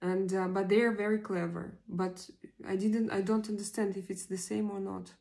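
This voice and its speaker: Speaking in a mid-range voice with a darkish tone, vocal fry and little variation in pitch, a woman in her 40s hosts a casual livestream. Russian is her first language, and she reads viewer comments haltingly, pausing frequently to find English words.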